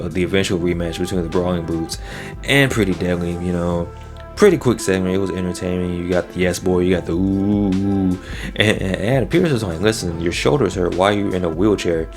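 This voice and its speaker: A man's voice: low-pitched, a little mellow. A man hosting his own channel, giving a casual, slangy recap of a wrestling show. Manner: laid-back and slangy, often drops "man" and "yo".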